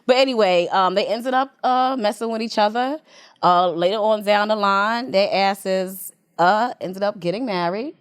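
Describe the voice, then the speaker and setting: A woman in her thirties co-hosting a casual podcast, telling stories in an animated, profane way. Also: medium pitch, normal speed, smooth. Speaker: podcast co-host. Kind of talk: casual chat.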